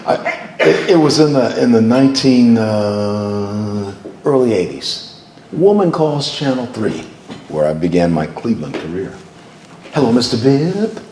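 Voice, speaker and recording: A man's voice: lowish voice, lively intonation, unhurried, darkish tone. An older man, a veteran TV journalist, telling stories to a live audience in a chatty way, often repeating words as he starts a thought. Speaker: veteran TV journalist, guest speaker. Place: hall with an audience. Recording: echoey room, faint noise.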